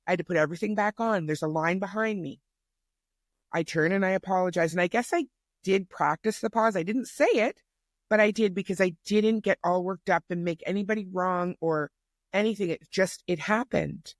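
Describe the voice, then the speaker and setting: A woman in her fifties telling a personal story as a podcast guest, chatty and animated, often restarting her sentences. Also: fairly low pitch, normal speed, dry recording, studio quality. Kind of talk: casual storytelling conversation.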